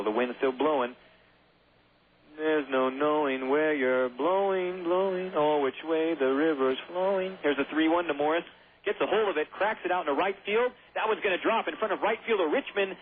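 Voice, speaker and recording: A man calling a minor-league baseball game play by play on the radio, mixing in goofy, rambling jokes between pitches. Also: slight background noise. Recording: tinny phone-like radio broadcast.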